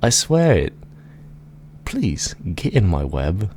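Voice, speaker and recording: A man's voice: sits low, very animated, slow, a little mellow, a little hiss or hum, voice pushed up, full character voice. A man voicing a sly male giant spider who coaxes people with a raised, sugary voice. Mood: coaxing.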